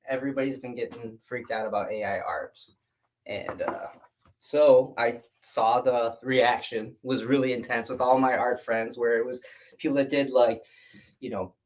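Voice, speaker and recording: A man who is a guest artist, chatting casually and in a laid-back, rambling way about his art show. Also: mid-range voice. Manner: laid-back, rambling, lots of "like" and "you know". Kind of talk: casual interview chat.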